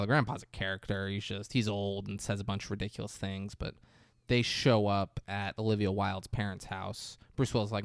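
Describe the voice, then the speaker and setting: A man's voice: clean tone, no echo. Male podcast host, loose profane movie recap, jumps into character voices, dry close sound. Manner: rambling, profane, acts out quotes with big pitch jumps. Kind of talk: casual movie recap chat.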